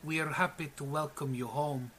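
A woman's voice: low-pitched, steady tone, normal speed, a crowd in the background, lightly acted. A man voicing a towering female cat-person guard who speaks in formal, clipped phrases. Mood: stern.

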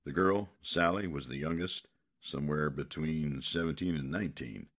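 A man narrating a western novel in a steady, measured way. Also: very deep voice.

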